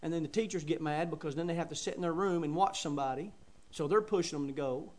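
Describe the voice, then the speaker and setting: A man's voice: fairly high pitch, quick pace, darkish tone. A middle-aged man preaching a sermon, folksy and emphatic with chuckles and asides.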